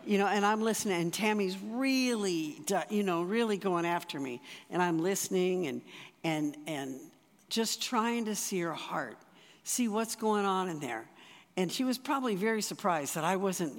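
A speaker giving a sermon through a personal story, talking conversationally with frequent restarts. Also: medium pitch. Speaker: speaker at a church or retreat. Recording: reverberant hall.

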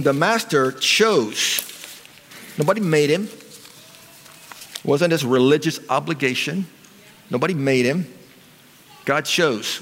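A middle-aged man preaches into a stage mic, animated and emphatic, and often repeats himself for effect. His voice sits a bit high for a man. A long reverb rings around him in a large church hall. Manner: animated, emphatic storytelling with repetition. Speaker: pastor. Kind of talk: sermon.

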